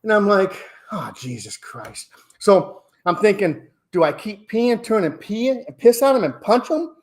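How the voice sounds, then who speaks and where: Man, 60s, rowdy, profane, laughing storyteller, slightly high voice. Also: lively intonation, normal speed. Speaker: podcast regular telling a story. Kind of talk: casual storytelling.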